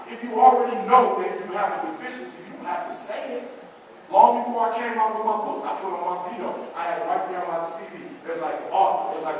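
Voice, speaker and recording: A man giving a motivational speech to students, preachy and direct, swinging between loud challenges and hushed asides. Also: high voice, fast talker, slight background noise. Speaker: motivational speaker. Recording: echoey hall, mic from far off.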